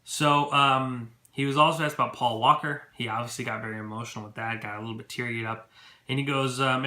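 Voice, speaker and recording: A chatty, excitable man talks straight to his viewers in a loose, filler-heavy recap. His voice is bright and forceful. The room around him rings with echo. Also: medium pitch, a little fast. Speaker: movie vlogger. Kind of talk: casual event recap to camera. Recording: echoey room.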